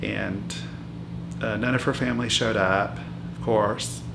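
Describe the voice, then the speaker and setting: A man with a lowish, steady voice and a hint of vocal fry speaks at a measured pace, playing a brash 66-year-old woman who lives in a hotel. She rambles through her life story in a mockumentary interview packed with fillers and restarts. The room echoes, loud music plays underneath, and there's background noise.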